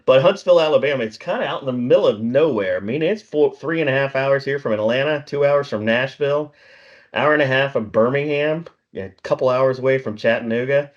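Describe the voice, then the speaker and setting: A man's voice: mid-range voice, a little fast. Middle-aged man telling rambling stories. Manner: rambling storyteller, chuckles often, acts out dialogue. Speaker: podcast co-host. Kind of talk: casual chat. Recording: slightly dull lo-fi recording.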